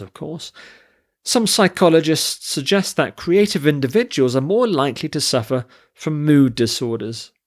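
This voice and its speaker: A man teaching an English vocabulary lesson, listing word forms and reading example sentences carefully. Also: mid-range voice. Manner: slow, deliberate, spells out word forms and stress.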